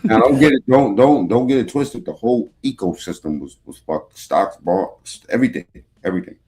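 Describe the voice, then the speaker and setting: A man with a lowish voice talks in a loose, slangy way as he reacts to a clip on his podcast. He swears freely and keeps the chat casual. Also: expressive, moderate pace, darkish tone.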